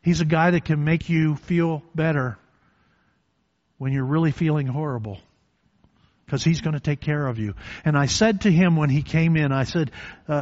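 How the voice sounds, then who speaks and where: An older man preaching a sermon in a church, telling a quiet personal story that swells into loud, drawn-out preaching. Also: a little high. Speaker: pastor. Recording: dull lo-fi recording.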